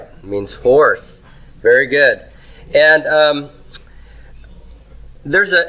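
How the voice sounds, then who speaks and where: A man lectures a classroom on grammar in an unhurried, deliberate way. His voice has a bright, forward edge. He questions the class, answers himself and keeps checking in with "okay?" as he writes on the board. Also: medium pitch, poor audio. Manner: writes on a board while he talks; frequent "okay?" and "right?" checks. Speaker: Hebrew teacher.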